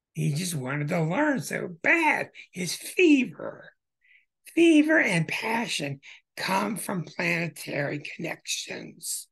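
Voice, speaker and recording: A man with a gravelly, husky voice talks through astrology charts as a show host. His delivery swings widely in pitch and comes in emphatic bursts of excitement. He keeps an unhurried pace.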